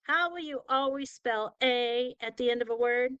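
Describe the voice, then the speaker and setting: A woman's voice: fairly high pitch, normal speed, fairly bright tone, clean tone, dry recording, dull audio. A woman tutoring a student in spelling, patiently sounding out words syllable by syllable and praising answers. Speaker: spelling teacher. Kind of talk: slow, patient tutoring lesson.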